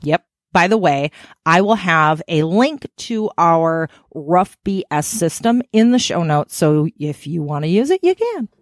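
Woman, podcast host, frank, playful, low-ish voice, dry close sound. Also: sing-song, measured pace, no room sound. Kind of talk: casual podcast talk.

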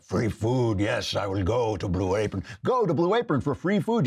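Sarcastic husky talk host. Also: male voice, on the low side. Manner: sarcastic, mocking, animated. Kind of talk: political talk show with ad read.

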